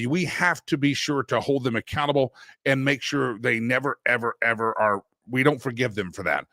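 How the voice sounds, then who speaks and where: A man's voice: medium pitch, bright, forceful tone, no room sound, clean studio sound. A man hosting a morning talk show, chatty and joking, with rambling asides. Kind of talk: casual news commentary show.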